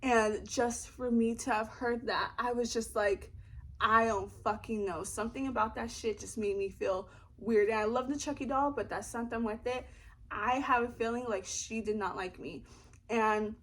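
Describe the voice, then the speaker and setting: A young woman vlogging from her apartment, telling a story casually, rambling and swearing freely. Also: a little high. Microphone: camera in front of her.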